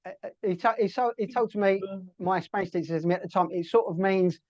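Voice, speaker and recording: Speaking at a quick pace in a voice that sits high, a middle-aged British man spins stories as a casual interview guest, stumbling through lots of fillers and restarts. The sound is lo-fi with no room echo.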